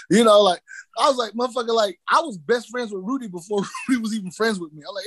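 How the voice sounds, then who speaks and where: A man telling stories as a guest in a casual interview, lively and profane, acting out the voices of people he quotes. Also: sits high, fast, dry recording. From New Mexico. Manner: animated, swearing, acts out quoted voices.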